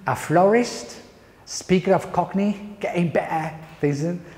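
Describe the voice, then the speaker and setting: Spanish-accented male pronunciation lecturer, mellow, slightly high voice, long hall reverb. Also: unhurried. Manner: emphatic, playful lecturing with rhetorical questions. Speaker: pronunciation teacher. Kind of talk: lecture to university teachers.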